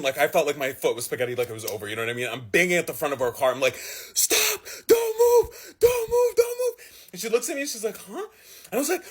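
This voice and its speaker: A young man with a slightly husky voice tells a personal story at a quick clip. His pitch is high and swings widely, and his delivery is dramatic and animated. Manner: animated, dramatic storytelling with frequent laughs and swearing. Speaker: vlogger telling a personal story. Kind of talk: casual storytime.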